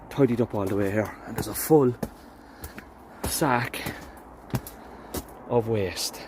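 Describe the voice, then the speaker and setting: A man's voice: medium pitch, noisy background. A man, a gardener hosting his own channel, talking casually and sincerely to viewers outdoors in a garden, addressing them as guys. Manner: sincere and reflective, then upbeat. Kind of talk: casual vlog talk to viewers.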